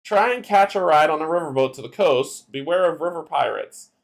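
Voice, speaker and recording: A man's voice: fairly high pitch, lively intonation, fairly quick, gravelly. A man voicing a helpful tavern woman who gives travel advice, reading the card dialogue aloud in a card game. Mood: advising.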